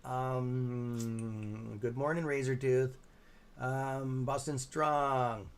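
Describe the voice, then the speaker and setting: A man's voice: mid-range voice, fairly even intonation, drawn-out words, clean tone. A tired man with a Canadian accent hosting a live stock-trading stream, rambling with many fillers as he reads out chat names. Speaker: livestream stock trading host. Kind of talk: casual live-stream commentary.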